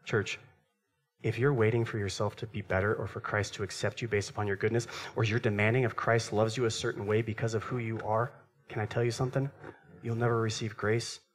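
A male pastor preaching a sermon to his church, swinging between animated, raised passages and hushed, quiet ones. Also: lowish voice, brisk.

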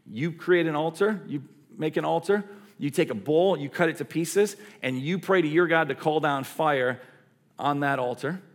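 A man's voice: fairly high pitch, normal speed, lightly acted. Bold taunting male prophet, emphatic, raised voice, as a man puts him on. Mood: challenging. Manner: emphatic, challenging.

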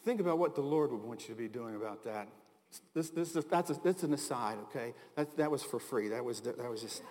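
A man's voice: mid-range voice, expressive, a little fast, darkish tone. A middle-aged American man preaching a sermon as pastor, in a chatty storytelling way with asides and chuckles. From United States. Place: large hall. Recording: long hall reverb.

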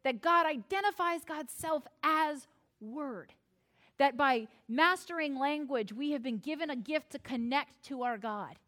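A woman from the United States preaches with a high, bright-sounding voice. She is expressive and playful, dropping in wry self-deprecating asides and acting out little quoted exchanges. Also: measured pace. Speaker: pastor. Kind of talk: sermon.

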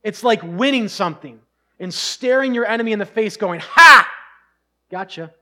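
A man's voice: high-pitched, brisk, fairly bright tone. A middle-aged man preaching a sermon as pastor, earnest and conversational, with bursts of emphasis.

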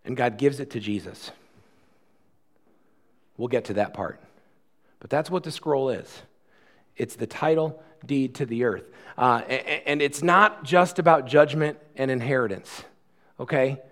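Man preaching a lively conversational sermon. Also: medium pitch. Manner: conversational preaching, swings from loud and fast to quiet and slow. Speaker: pastor.

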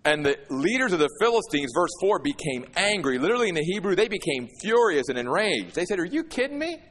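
A man preaching a sermon as pastor, swinging from hushed asides to emphatic, repeated phrases. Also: on the high side, animated, brisk. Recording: long hall reverb.

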